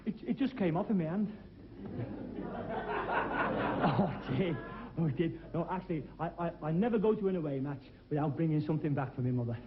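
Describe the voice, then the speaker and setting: A man from doing stand-up comedy, telling quick jokes with laughs in between, on a tinny worn 1970s TV tape. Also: a little high, expressive, a loud crowd, heavy background noise. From Liverpool.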